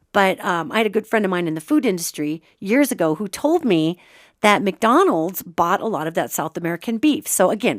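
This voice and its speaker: In a studio-quality recording with no room sound, a podcast host from Montana talks in a medium-pitched voice. Her casual spiritual commentary is chatty and animated, and she stops now and then to perform the quotes she relays.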